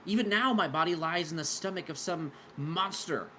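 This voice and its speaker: A man's voice: on the high side, moderate pace, sharp tone, a little hiss or hum, pitched above the performer's own voice. Aggrieved male devil, played by a man, put-on southern accent, insistent, formal, tabletop game. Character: aggrieved male devil arguing his contract.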